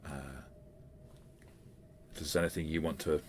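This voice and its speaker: A man's voice: rumbling low, fairly even intonation, measured pace, a little hiss or hum. A man running a tabletop game as game master, talking things through with frequent fillers. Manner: hesitant, with fillers and restarts.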